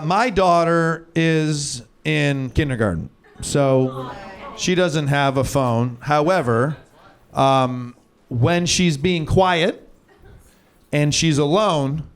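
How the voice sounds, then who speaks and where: A man in his forties doing improvised stand-up on a club stage, animated and self-mocking, jumping into high mock shouts. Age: 40s. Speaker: stand-up comedian. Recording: crowd noise from live audience. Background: audience laughing.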